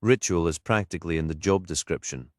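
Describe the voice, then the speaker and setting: A man's voice: low voice, brisk, no echo, studio quality, close to an everyday voice. A man voicing a talkative, friendly middle-aged woman vicar in an audiobook. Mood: chatty.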